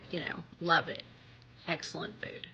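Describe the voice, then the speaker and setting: A woman's voice: deep voice, steady tone, moderate pace, bright, forceful tone. A woman casually telling a family story in a conversational way, sometimes dropping to a near whisper. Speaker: storyteller in an online clip. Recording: slightly muffled, faint background noise.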